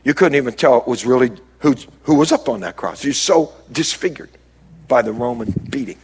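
Husky-voiced man preaching a sermon. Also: mid-range voice, animated, brisk, darkish tone. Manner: preaching with sudden rises and drops, calls to the crowd. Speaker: pastor.

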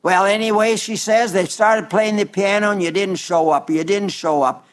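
A man in his nineties, a pastor giving a broadcast sermon and reading viewer letters, slow and earnest, dwelling on repeated words. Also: sits high, fairly even intonation. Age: 90s. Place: South Dakota.

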